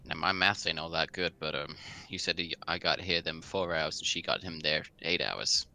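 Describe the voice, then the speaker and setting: A man playing in a tabletop game, talking in a gruff, bargaining way. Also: very deep voice, moderate pace, sharp tone, a little hiss or hum. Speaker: player. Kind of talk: in-character tabletop play.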